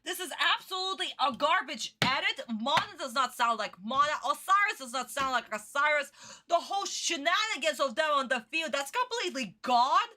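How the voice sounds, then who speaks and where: A woman's voice: high voice, animated, a little fast, bright, forceful tone. A woman streamer giving a casual reaction commentary, ranting and swearing in frustration.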